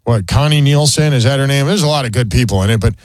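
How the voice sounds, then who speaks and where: A man's voice: mid-range voice, fast, no room sound. A man, co-hosting a talk show with opinionated, joking banter. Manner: joking, opinionated, does goofy voices. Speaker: radio show co-host.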